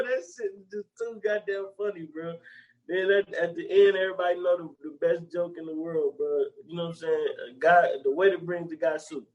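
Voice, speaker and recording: A young man co-hosting a podcast, casually retelling movie scenes with a lot of swearing and bursts of loud, high character voices. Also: brisk, low-quality recording. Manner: animated, profane, jumps into loud high-pitched character voices. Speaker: podcast co-host.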